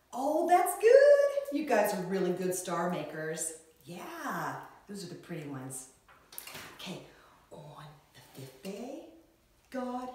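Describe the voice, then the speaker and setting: Lively sing-song woman teaching small kids. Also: on the high side. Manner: animated and sing-song, talking to young children. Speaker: Sunday school teacher. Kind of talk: children's Bible lesson. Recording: echoey room, from far off.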